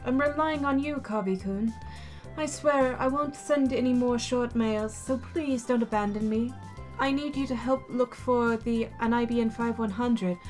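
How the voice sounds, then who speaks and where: A woman voicing a shy young woman who speaks in a soft, apologetic way. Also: fairly high pitch, moderate pace, faint music behind, natural voice. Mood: pleading.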